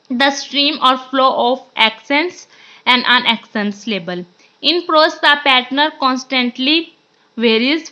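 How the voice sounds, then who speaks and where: A woman teaching literature, reading her text aloud haltingly, with fillers and restarts. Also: high voice, pushed and bright. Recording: dull lo-fi sound.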